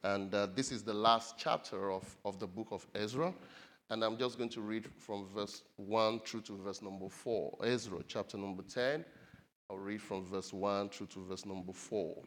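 A male preacher speaking to his congregation in a church. He reads scripture slowly and with emphasis, pressing hard on the key words. He then moves into fervent, earnest prayer. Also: fairly low pitch. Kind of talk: sermon with scripture reading and prayer.

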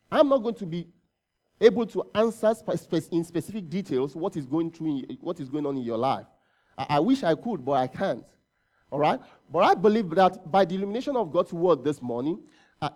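A man with a high, warm voice preaches at a church service. His sermon is conversational, full of rhetorical questions, and he often corrects himself mid-phrase.

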